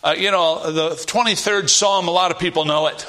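A man preaching a sermon, reading scripture aloud and pressing his points with emphatic rises and low, weighty drops. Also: fairly even intonation, brisk. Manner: emphatic, rising to loud stresses and dropping low for weight; reads scripture aloud in King James wording.

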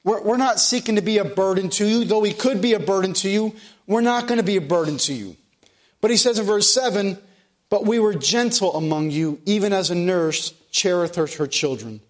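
A man's voice: high voice, brisk. A man preaching a sermon, quoting scripture in old-style wording and repeating key phrases. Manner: repeats phrases, quotes King James scripture.

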